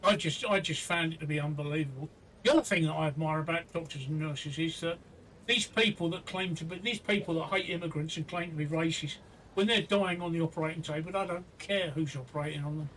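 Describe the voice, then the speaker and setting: A man's voice: fairly high pitch, quick pace, fairly bright tone. Man, host, casual live-stream chat, indignant, repeats phrases, faint hiss behind. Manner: earnest, indignant, repeats himself. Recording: distant from the mic with faint noise.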